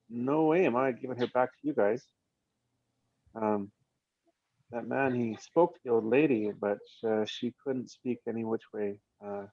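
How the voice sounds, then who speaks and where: Gravelly-voiced man reading aloud haltingly. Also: mid-range voice, no echo, dull audio. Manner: halting, careful reading with uhs. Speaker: volunteer reader. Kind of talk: reading a story aloud in a language class.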